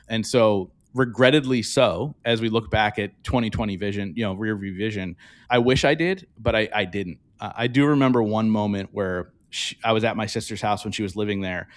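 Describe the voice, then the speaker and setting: A man with a fairly low-pitched voice talks as a guest in a podcast interview. He is candid and reflective, and he answers in an earnest, open way. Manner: reflective, earnest, openly emotional.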